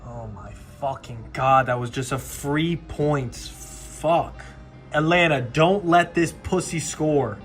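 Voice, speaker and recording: A man's voice: on the high side, slow, fairly bright tone, faint music behind. A young man giving profane live reactions to a fantasy football game, dropping to mutters and then bursting out. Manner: profane, swings from mutters to outbursts.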